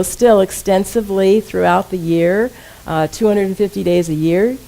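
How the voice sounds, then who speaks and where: A woman's voice: medium pitch, vocal fry, a little mellow, low-quality recording. A woman minister giving a conversational sermon to her congregation, often asking them questions. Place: church sanctuary.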